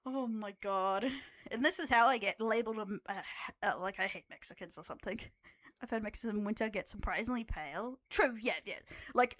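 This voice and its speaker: A woman's voice: medium pitch, a bit bright, no room sound. A young Australian woman streaming live, chatting casually with her viewers, laughing often and swearing as she teases.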